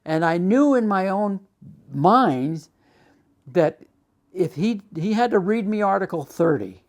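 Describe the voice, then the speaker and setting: An older man telling his life story for a documentary, halting and full of restarts. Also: high-pitched, expressive. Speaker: documentary interviewee. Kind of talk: personal storytelling.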